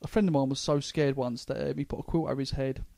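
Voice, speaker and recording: A young man with a London accent co-hosts a comedy podcast, telling rambling stories in casual chat and frequently stumbling and restarting. His medium-pitched voice is steady, fast, and mellow with vocal fry, in a dry recording.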